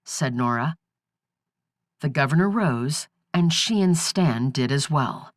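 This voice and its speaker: A woman narrating an audiobook thriller in a measured, expressive reading. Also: rumbling low, no echo, clean studio sound. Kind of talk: scripted narration.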